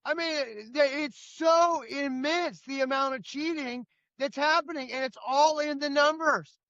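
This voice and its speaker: A man's voice: very high-pitched, unhurried, fairly bright tone, no room sound, dull audio. A middle-aged man co-hosting a political talk show, ranting in an indignant, emphatic way. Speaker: co-host.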